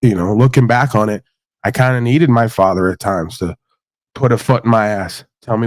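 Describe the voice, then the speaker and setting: A man's voice: fairly low pitch, moderate pace, darkish tone, no room sound. A man hosts a loose livestream chat, talking bluntly and swearing freely. His voice sits close and dry, with no room around it. He laughs often between his points. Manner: blunt, profane storytelling with frequent laughs. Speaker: host.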